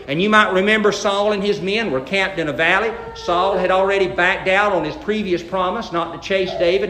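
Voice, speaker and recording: A man's voice: sits high, fairly bright tone, slight background noise. Preacher man in an echoey hall. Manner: folksy storytelling, acting out the figures' quotes. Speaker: pastor. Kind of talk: sermon retelling a Bible story.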